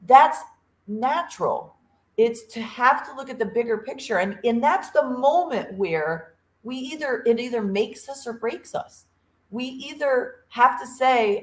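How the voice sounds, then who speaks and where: A woman's voice: on the high side, sing-song, moderate pace. Earnest woman co-host in an echoey room. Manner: earnest, storytelling, acts out quotes. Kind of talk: casual motivational chat.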